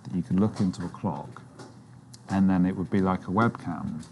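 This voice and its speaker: A man co-hosting a casual chat, telling an animated story and jumping his voice up high to quote other people. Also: normal speed, vocal fry. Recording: noisy background.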